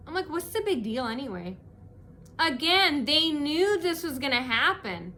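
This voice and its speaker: A woman's voice: on the high side, sharp tone, a little hiss or hum. A woman from the United States, rambling and indignant as she recounts an appointment in a casual monologue to camera. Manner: rambling, indignant, repeats herself.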